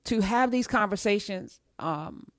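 A woman hosting a casual talk show, relaxed and thinking aloud as she speaks. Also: mid-range voice, measured pace, no room sound, studio quality. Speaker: podcast host.

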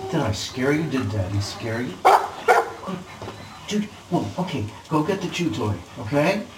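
A man's voice: medium pitch, sing-song, measured pace. An actor playing a wealthy old patriarch who dotes on his dogs and belittles his son, heard through a hidden bug. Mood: doting. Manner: swings from cooing to scolding, talks to his dogs. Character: wealthy old patriarch, doting yet domineering. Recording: roomy, distant, noisy bugged audio.

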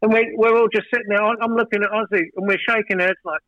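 A fairly high-voiced man reminisces in a casual interview, full of fillers and false starts. The sound is dry and close, a little dull and muffled. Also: fast talker, no room sound. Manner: rambling, hesitant, many fillers and restarts; grows animated and emphatic telling a story. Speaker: record producer, guest.

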